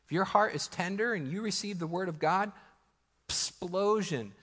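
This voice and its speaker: A Midwestern American man in his thirties delivers a sermon with a slightly raised pitch and an easy, chatty manner. He breaks into laughs and acts out quoted prayers. The sanctuary's long reverb trails behind his words. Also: fairly quick, a bit bright. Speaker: pastor. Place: church sanctuary. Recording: church hall with long reverb.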